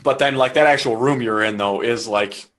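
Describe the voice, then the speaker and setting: A man's voice: medium pitch, a bit bright. A man hosting a live stream and asking guests questions on a video call, with many fillers like "you know". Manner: quick, curious interviewer with filler words. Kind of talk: casual live-stream chat.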